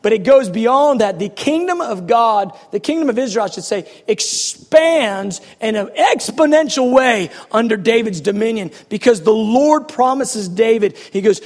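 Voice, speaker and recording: A male preacher delivers an animated, passionate sermon in quick bursts. His voice sits very high, and it rings through a long hall reverb.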